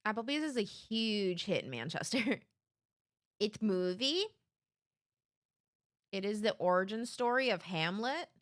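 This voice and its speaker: A woman's voice: medium pitch, a little slow, long pauses, no room sound. A young woman chats to her live stream audience in a loose, giggly ramble. Her voice swings widely up and down, and it sounds close and dry at a desk mic. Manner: rambling and giggly, with sudden excited outbursts. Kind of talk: casual chat to a live audience.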